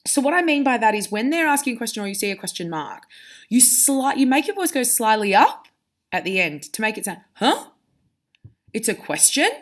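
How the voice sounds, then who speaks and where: Here the teacher speaks with a fairly high, sing-song voice at a fairly quick pace. Giving pupils a reading lesson, she explains patiently, demonstrates out loud, and sometimes restarts mid-thought as she looks for examples in her conversational delivery.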